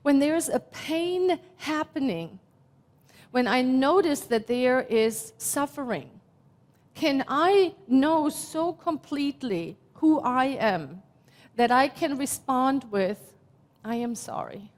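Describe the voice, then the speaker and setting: German-accented woman minister in her fifties, fairly high voice, slow heartfelt sermon delivery, long reverb. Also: expressive. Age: 50s.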